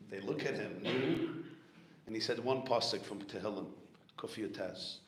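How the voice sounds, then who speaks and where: A man's voice: medium pitch, unhurried. A middle-aged man from Brooklyn with a New York accent, a rabbi telling stories at a gathering, weaving in Hebrew and Yiddish terms. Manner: animated storyteller, sprinkles Hebrew and Yiddish terms. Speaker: rabbi giving a farbrengen talk. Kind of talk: storytelling sermon. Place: large room at a gathering. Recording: echoey room, faint background noise.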